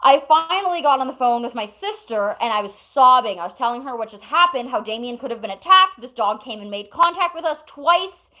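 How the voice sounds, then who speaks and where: Brief: woman streamer, casual and rambling, slightly high voice, at home. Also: lively intonation, fairly quick, hardly any pauses, bright, forceful tone, low-quality recording. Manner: rambling, breaks off to talk to chat and pets. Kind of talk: casual storytelling to chat.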